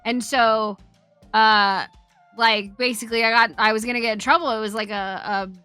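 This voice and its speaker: A tired woman VTuber streamer telling a story on stream in a casual, animated, profane way, laughing as she goes. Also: a little high, moderate pace, clean tone, dry recording, faint music behind.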